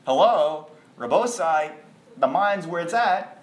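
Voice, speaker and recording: A man's voice: fairly high pitch, animated, takes it slowly. A self-important talking mind from a told fable, as a man puts it on. It presses its point insistently in a raised voice, with a roomy echo. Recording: echoey room.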